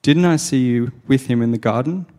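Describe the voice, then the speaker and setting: A man reading a Bible passage aloud in church, in a gravelly, low-key way. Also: brisk, darkish tone. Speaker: scripture reader.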